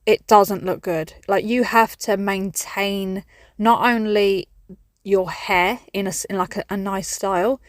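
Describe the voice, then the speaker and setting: Brief: woman, chatty and self-mocking, mid-pitched voice, dry close sound, outdoors. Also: steady tone, a little slow, no echo. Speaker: vlogger. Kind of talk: casual vlog chat. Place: outdoors in a garden.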